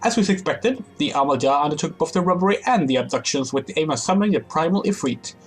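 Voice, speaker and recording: A man's voice: on the high side, animated, quick pace, breathy edge, faint music behind. A man reading aloud the formal lines of a composed woman leader in a game. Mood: explaining.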